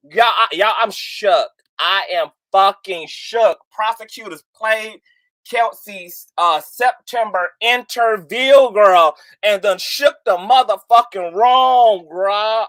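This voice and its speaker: A man's voice: high voice, takes it slowly, a bit bright, dry recording. A man hosting a livestream, talking in a dramatic, exclaiming way with lots of slang. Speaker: livestream host. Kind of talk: animated gossip livestream.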